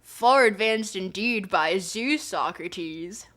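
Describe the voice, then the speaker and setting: A woman's voice: medium pitch, expressive, takes it slowly, fairly bright tone. A woman voicing a self-assured ancient Greek male seer in a laid-back surfer drawl, read live. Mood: breezy. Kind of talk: live reading of a dialogue.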